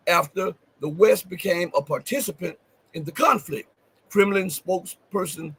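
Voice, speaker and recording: Emphatic high-voiced male livestream host. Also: normal speed, fairly bright tone, slightly rough, poor audio. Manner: emphatic, repeats key phrases for stress; addresses viewers directly with questions. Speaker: show host. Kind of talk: livestream commentary.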